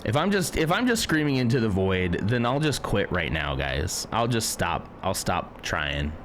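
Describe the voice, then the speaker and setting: A man's voice: on the low side, sing-song, normal speed, a bit bright, a little hiss or hum. A man streaming a game live, chatty and self-deprecating as he talks to his chat.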